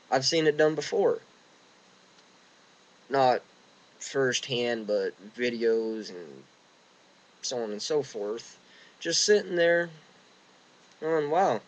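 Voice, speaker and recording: A young vlogger rants casually and indignantly, rambling and restarting his sentences. He was recorded outdoors in the wind, so the audio is rough, and his voice sits a little high.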